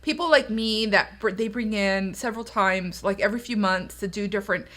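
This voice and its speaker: Bright-voiced animated Southern woman. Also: medium pitch, brisk. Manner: animated storyteller, acts out quoted voices. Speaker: podcast co-host. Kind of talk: casual chat.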